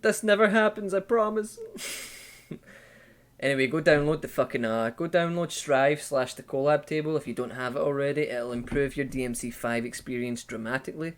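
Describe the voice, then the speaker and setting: A man's voice: medium pitch, moderate pace. A man with a Scottish accent hosting a casual podcast, joking, teasing his guest and swearing freely. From Scotland. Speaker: podcast host.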